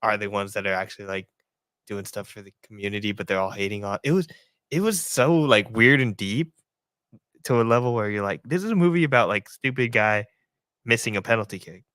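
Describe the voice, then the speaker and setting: A man co-hosting a podcast, talking eagerly in a halting, filler-heavy casual chat. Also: fairly low pitch, a bit bright, no room sound, clean studio sound. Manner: enthusiastic, halting, lots of fillers. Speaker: podcast co-host.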